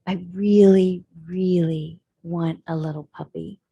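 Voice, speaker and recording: Sincere little boy, pleading, mellow husky voice as a woman puts him on. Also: fairly low pitch, fairly even intonation, takes it slowly, no echo, muffled recording, heavily acted. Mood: eager. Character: earnest determined little boy.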